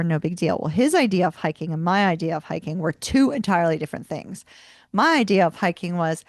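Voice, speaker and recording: A woman in her fifties, from the United States, telling a long personal story in a chatty, animated way with frequent asides, as host of her livestream. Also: fairly low pitch, dry recording, studio quality. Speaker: tarot channel host.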